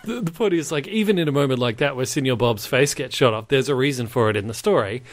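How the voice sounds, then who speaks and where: A man's voice: mid-range voice, quick pace. A man co-hosting a film podcast, telling scenes with lots of laughter and acted-out lines. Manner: animated storyteller, acts out scenes, laughs often. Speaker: podcast co-host. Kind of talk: casual film chat.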